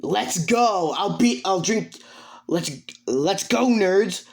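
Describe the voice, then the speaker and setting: A man doing a brash, shouty hot-headed young guy. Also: high voice, lively intonation, moderate pace, pitched above the performer's own voice. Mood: taunting. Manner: brash, yelling insults.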